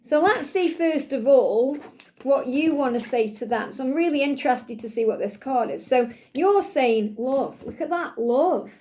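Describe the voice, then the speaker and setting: A woman's voice: sits high, animated, a little slow, warm tone. A woman hosting a spiritual love card reading, speaking in an earnest, soothing way to her listener. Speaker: tarot reader and channel host.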